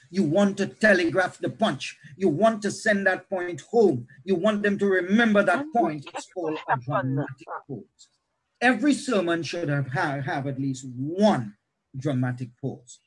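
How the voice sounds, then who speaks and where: Man, pastor teaching a preaching class, husky, a bit high, lively lecture. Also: low-quality recording. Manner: animated teaching, shifting pace and loudness.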